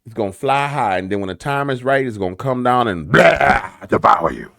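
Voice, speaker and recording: A man's voice: medium pitch, expressive, moderate pace, gravelly, fairly bright tone, dry recording. A man giving a casual spoken monologue. He talks emphatically about politics and acts out bits of dialogue along the way. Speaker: political commentator.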